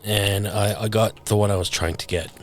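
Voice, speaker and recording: A man giving casual gameplay commentary on a live stream, halting and hesitant, with many fillers. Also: lowish voice, steady tone, a little hiss or hum. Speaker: streamer playing the game.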